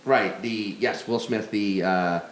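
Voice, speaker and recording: A man's voice: on the low side, slow, echoey room. A man co-hosting a comedy podcast, bantering casually and making jokes. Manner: joking, puts on silly voices. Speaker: podcast co-host. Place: studio backyard, outdoors.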